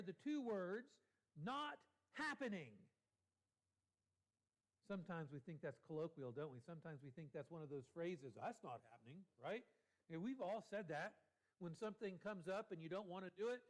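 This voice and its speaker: A man preaching a sermon in a church, deliberate and repeating key phrases for emphasis. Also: high-pitched.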